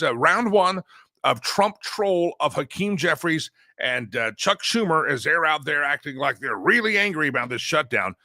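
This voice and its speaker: A man's voice: on the high side, bright, forceful tone, no room sound. A middle-aged American man hosting a political commentary show, talking in a mocking, rambling way with chuckling asides. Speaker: host.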